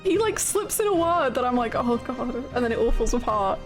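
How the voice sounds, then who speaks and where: A woman's voice: on the high side, big pitch swings, fairly quick. A woman streamer chatting casually and laughing at herself while she plays a video game, with game music behind. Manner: giggly, self-deprecating chatter.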